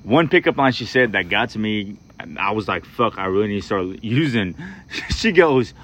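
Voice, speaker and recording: A man's voice: fairly low pitch, expressive, normal speed, a bit bright. A man co-hosting a podcast outdoors, rambling through a story with repeated words and casual swearing. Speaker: podcast co-host.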